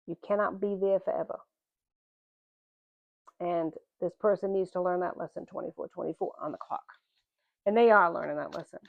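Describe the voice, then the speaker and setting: A woman's voice: medium pitch, no room sound. A woman giving a tarot reading, speaking straight to the viewer in a direct, plain-spoken way and calling them "man" and "honey". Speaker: tarot reader. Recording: tinny phone-like audio.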